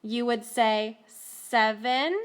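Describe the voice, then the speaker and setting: A woman teacher explaining a math lesson to children slowly and carefully, recorded on a tablet. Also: on the high side, little pitch movement, clear, resonant tone.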